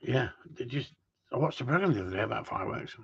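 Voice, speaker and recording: A man's voice: mid-range voice, expressive, quick pace, gravelly, slightly rough. Male dog trainer, live-stream host; rambling, sweary rants over muffled stream audio. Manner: chatty, ranting, swears casually. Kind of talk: casual live-stream chat reading viewer comments.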